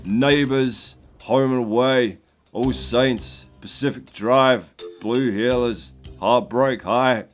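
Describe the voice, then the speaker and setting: A man's voice: medium pitch, fairly even intonation, takes it slowly, soft background music. An English man hosting a gaming video, delivering a sardonic, profane and rambling comic rant. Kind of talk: comic commentary over gameplay.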